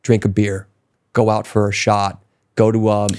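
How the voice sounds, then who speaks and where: A man as a podcast guest, telling his own story in a casual interview, emphatic and motivational, and he grows more excited as he goes. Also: fairly low pitch, normal speed, clear, resonant tone.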